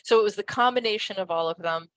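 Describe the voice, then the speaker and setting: A woman's voice: medium pitch, fast, a bit bright, no room sound. A woman hosting an interview podcast, giving short affirming replies and questions. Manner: brief affirming responses. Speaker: podcast host.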